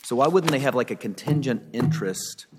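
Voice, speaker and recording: A man's voice: mid-range voice, animated, fairly quick, in a large hall, heavy background noise. A man questioning a lawyer from the bench, probing and tentative, repeating words as he thinks. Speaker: appellate judge. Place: courtroom.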